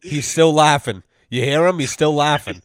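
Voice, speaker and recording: Man podcast host, blunt, profane, animated storyteller, dry close sound. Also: fairly high pitch, normal speed, no room sound. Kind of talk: casual profane podcast chat.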